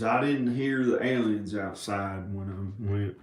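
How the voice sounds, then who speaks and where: A man's voice: on the low side, flat delivery, measured pace, hardly any pauses, darkish tone. A man vlogging from inside his house in a rambling casual monologue, wandering off mid-thought and starting over. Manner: meandering, trailing off and restarting thoughts. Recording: roomy echo in a house.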